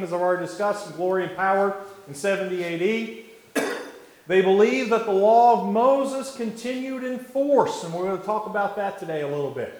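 A man leads a church Bible class, a touch high-pitched, pausing often on fillers and restarting his sentences. He puts questions to the class as he goes. The room rings with echo.

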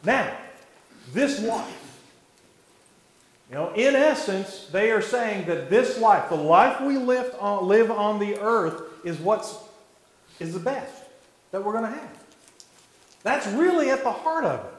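A man's voice: sits high, animated. Man teaching a Bible class, echoey room. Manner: measured, with frequent fillers and restarts, asks the class questions. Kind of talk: church Bible class lesson.

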